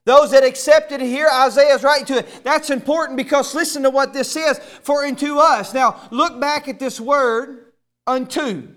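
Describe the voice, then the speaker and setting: A male pastor with an extremely high-pitched, steady voice preaches a sermon at a moderate pace with few pauses. He stammers, often repeating words as he restarts, then builds to emphatic, raised, shouted passages.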